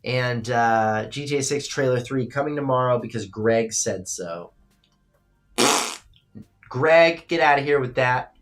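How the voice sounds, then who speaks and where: A man's voice: mid-range voice, measured pace, soft background music. A man hosting a casual late-night live stream, rambling as he reads chat comments aloud and talks to viewers, calling them bro and brother.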